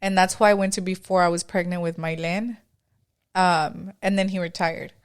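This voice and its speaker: A young mother co-hosting a podcast, chatting in a relaxed, filler-heavy way and asking questions. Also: fairly low pitch, moderate pace. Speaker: podcast co-host. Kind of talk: casual chat.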